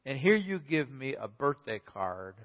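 A hurt wife lays out her complaints in a lowered, accusing voice, as a preacher plays her. The voice carries a long hall echo with slightly muffled sound. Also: very animated, unhurried. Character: hurt, angry wife scolding her husband. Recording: echoey hall, slightly dull.

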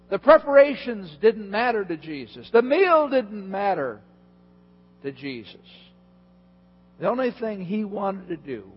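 A man's voice: high-pitched, husky. A male pastor giving a sermon in a conversational way, chuckling and asking the audience questions. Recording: dull lo-fi in a reverberant hall with hum.

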